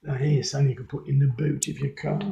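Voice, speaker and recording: A man's voice: medium pitch, flat delivery, normal speed, gravelly, muffled recording, a crowd in the background. An older man with a Brummie accent, casually narrating over old pictures he sent in as a video. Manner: chatty, reminiscing. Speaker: viewer sending in a video.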